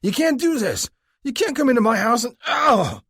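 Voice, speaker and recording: A man voicing a belligerent middle-aged drunk who shouts and protests in a strained, raised voice. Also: extremely high pitch, sing-song, normal speed, slightly rough, no room sound, clean studio sound, pitched above the performer's own voice, exaggerated voice. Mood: enraged.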